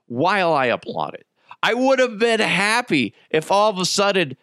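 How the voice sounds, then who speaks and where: Hiccuping through his crude jokes and animated stories, a middle-aged podcast host runs a casual solo show. He speaks at a normal speed with a voice that sits high, captured in studio quality with no room sound.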